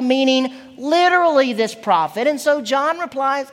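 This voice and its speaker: A woman delivers a sermon with emphatic, expressive teaching. Her voice sits a little high and swings widely in pitch. A long hall reverb trails each phrase. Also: a little slow, few pauses. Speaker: preacher.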